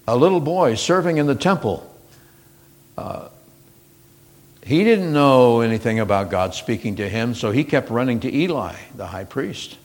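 A man's voice: medium pitch, expressive, normal speed. A man preaching a sermon, retelling scripture stories earnestly, with frequent fillers and restarts.

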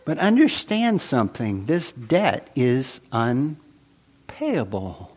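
A man preaching a sermon, swinging between loud emphasis and hushed, dramatic drops. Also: medium pitch, wildly swooping pitch, takes it slowly, husky. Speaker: pastor.

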